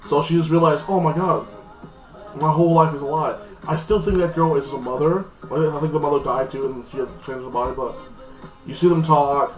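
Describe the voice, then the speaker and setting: A man giving a casual, rambling spoken recap of a TV episode, full of fillers and restarts. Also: fairly high pitch. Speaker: TV episode reviewer. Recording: echoey room, faint guitar music.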